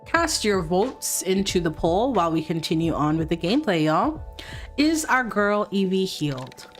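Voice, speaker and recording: A woman's voice: on the low side, very animated, moderate pace, soft background music. A woman hosting a life-sim let's play, chatting playfully with her viewers as she plays. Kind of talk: casual gameplay commentary.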